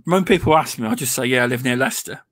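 A man hosting a livestream in casual chat, soft-spoken and halting, often restarting his sentences. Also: mid-range voice, no echo, clean studio sound. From England. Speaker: stream host.

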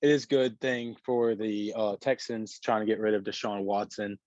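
Low-voiced man in casual sports chat. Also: steady tone, normal speed, darkish tone, muffled recording, a little hiss or hum. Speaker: podcast co-host.

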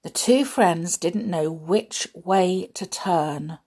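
Slow, breathy woman reading a story. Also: fairly low pitch. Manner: gentle, chatty, with soft laughs. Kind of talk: reading a children's story aloud.

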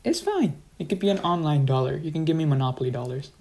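A man's voice: on the high side, racing, darkish tone. A teenage boy chatting casually over a video call, easygoing with dry jabs at his friend. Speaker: co-host. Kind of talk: casual game chat.

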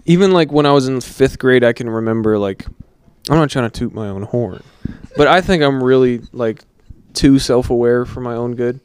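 A young adult man in a casual podcast chat, telling animated stories full of swearing and filler words. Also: medium pitch, normal speed, smooth. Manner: animated storytelling, heavy swearing, many fillers.

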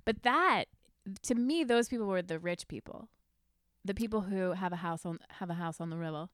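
Woman from Virginia, young adult, smooth clear voice, dry close sound, laughing. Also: on the low side, normal speed, no echo. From Virginia, USA. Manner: laughing, animated storytelling. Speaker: guest, TV writer. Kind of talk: casual chat.

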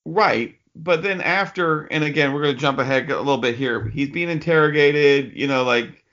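A man with a gravelly, creaky voice, riffing on a movie in a casual podcast chat. He jokes, swears freely and laughs often. The audio is somewhat dull and lo-fi. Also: on the high side, normal speed, a bit bright. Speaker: podcast co-host.

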